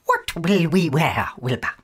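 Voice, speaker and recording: A woman's voice: sits low, wildly swooping pitch, measured pace, slightly rough, heavily acted. A woman voicing a cheerful, scatterbrained witch in a storybook read-aloud, with bouncy exclamations.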